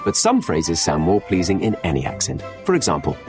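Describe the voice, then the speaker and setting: Deep man, dry ad voice. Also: wildly swooping pitch, a little fast, a little mellow, faint music behind. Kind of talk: comic radio ad.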